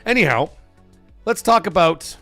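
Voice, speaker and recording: A man's voice: sits high, animated, a little slow, pushed and bright, no room sound, faint music behind. A man hosting a casual live stream, rambling, swearing and saying "like" a lot. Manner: rambling, swears, heavy use of "like". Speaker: livestream host.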